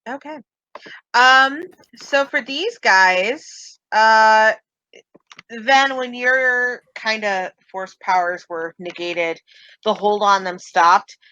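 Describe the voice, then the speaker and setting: A woman running a tabletop role-playing game as game master, giving calm, matter-of-fact rulings. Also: a little high, extremely slow, muffled recording.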